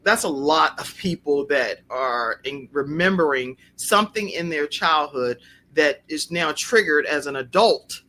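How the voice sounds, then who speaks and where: A woman's voice: deep voice, expressive, unhurried, fairly bright tone, a little hiss or hum. A woman talk show host interviewing over a video call, recapping her guest's story and citing figures to the audience. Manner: probing, recaps the guest's story and cites statistics.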